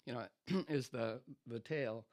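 Animated male storyteller with a dry sound. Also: mid-range voice, a little slow, no echo. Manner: animated storytelling full of restarts. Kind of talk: casual chat and storytelling.

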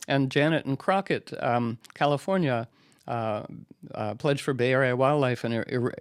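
A man's voice: mid-range voice, no echo. A man hosting a live radio pledge drive. He thanks callers by name in a rambling, effusive way, full of fillers and whimsical spiritual turns of phrase, speaking into a studio microphone. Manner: rambling and effusive, heavy on "you know" fillers. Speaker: radio host running a fund drive.

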